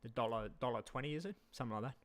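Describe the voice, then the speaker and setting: A man's voice: medium pitch, very fast. A man rambling casually on a live stream, repeating himself and talking straight to his chat.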